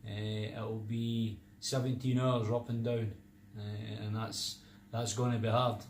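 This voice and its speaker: A man's voice: lowish voice, little pitch movement, measured pace, echoey room, slight background noise. A man in his fifties, good-humoured and chipping in during a casual vlog chat. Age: 50s. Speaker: charity trekker.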